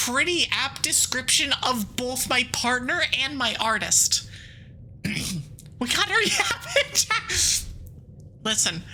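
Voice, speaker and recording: With a fairly high, pushed, bright voice, this VTuber plays through a game, reading its text aloud between giggles and quick, rambling, playful asides. The audio is poor, with a little hiss or hum.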